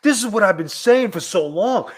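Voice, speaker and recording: A man hosting a casual chat show, loud and excitable, joking with his co-host. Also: high-pitched, normal speed.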